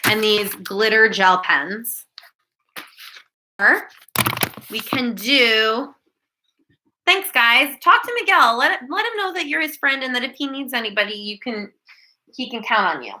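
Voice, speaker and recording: A woman's voice: on the high side, animated, unhurried, long pauses, bright, forceful tone, low-quality recording. A woman teacher hosting a live online class Q&A, talking directly to her students by name.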